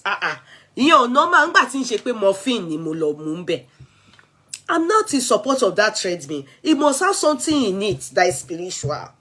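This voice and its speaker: A woman's voice: medium pitch, a bit bright. A woman from Nigeria with a Nigerian English accent, chatting casually on her vlog and mixing in Yoruba and pidgin. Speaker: vlogger. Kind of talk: casual chat.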